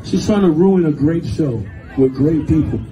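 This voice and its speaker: A man performing outdoors, repeatedly pleading and sometimes shouting for someone to leave. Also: fairly high pitch, expressive, moderate pace, poor audio. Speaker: street performer. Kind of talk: outdoor confrontation. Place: outdoors in a crowd. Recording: loud crowd and street noise.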